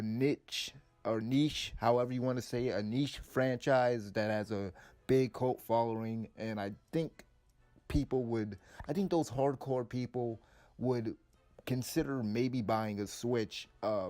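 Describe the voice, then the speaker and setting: A man's voice: medium pitch, a little mellow, no room sound. A man giving casual, rambling opinion commentary on game news, blunt and often restarting his sentences.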